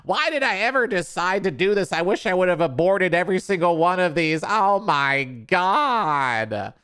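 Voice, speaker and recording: Mocking parody of a self-pitying young mother, shrill and whining, high and smooth, as a male streamer puts her on. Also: lively intonation, moderate pace, sharp tone. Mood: whiny.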